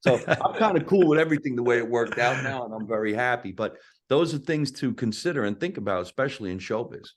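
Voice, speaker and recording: A stand-up comedian with a thick New Jersey accent, telling stories in a punchy, animated way during a casual interview. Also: male voice, mid-range voice, fast, hardly any pauses. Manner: animated, punchy storytelling, slips into character voices.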